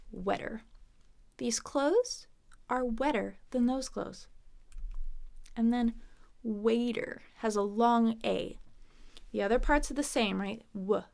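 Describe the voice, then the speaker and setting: An American woman gives a pronunciation lesson at a very unhurried pace. Her voice sits a bit high and carries a gravelly fry. She patiently models each sound and word again and again. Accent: General American. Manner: patient, repeats sounds slowly and clearly. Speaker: English pronunciation teacher. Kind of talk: slow pronunciation lesson with repeated model words.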